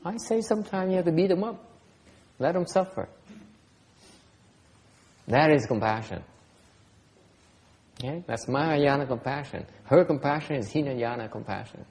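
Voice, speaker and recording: A man's voice: a little high, lively intonation, normal speed, long pauses, darkish tone. Blunt, teasing male Buddhist teacher in a hall. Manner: blunt and teasing, laughs often, repeats words. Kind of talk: Dharma talk answering questions.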